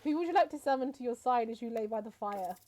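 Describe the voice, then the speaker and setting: A young woman streaming, reading a dating game aloud in an animated, giggly way. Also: fairly high pitch, quick pace, slight background noise.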